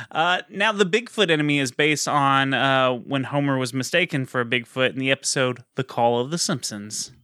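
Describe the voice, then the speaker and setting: A man's voice: mid-range voice, normal speed, pushed and bright, smooth, no echo, clean studio sound. A man co-hosting a casual podcast, rambling and swearing with lots of fillers. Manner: rambling, profane, with frequent fillers and laughs. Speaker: podcast co-host.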